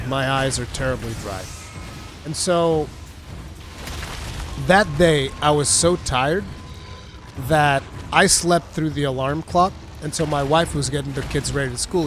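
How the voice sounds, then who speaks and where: A man's voice: a little high, moderate pace, faint music behind. A man in his thirties streaming a video game, chatting casually, laughing often and swearing freely. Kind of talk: casual gameplay commentary.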